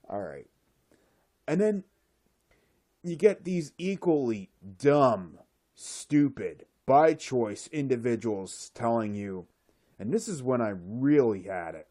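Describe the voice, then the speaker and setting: Slow sarcastic rant, mellow voice, exasperated. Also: mid-range voice, expressive. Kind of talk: solo rant.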